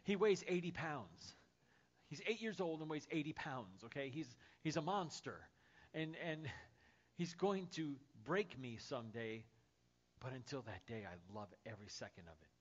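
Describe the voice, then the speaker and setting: A man preaching a sermon as pastor, dropping to soft, hushed lines and rising to loud, excited storytelling. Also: fairly high pitch, moderate pace, dull audio.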